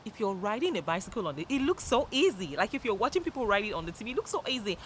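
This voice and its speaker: An upbeat woman gives a motivational talk in a chatty, energetic style. She laughs often and now and then jumps into loud, high-pitched greetings. Steady traffic noise is clearly heard behind her voice. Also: very fast, low-quality recording. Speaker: motivational YouTuber.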